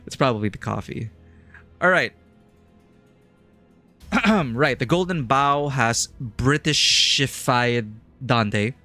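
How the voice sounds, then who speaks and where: A man's voice: mid-range voice, pushed and bright. A man commentating a live game playthrough in a playful, goofy way, reading game text aloud. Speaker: streamer.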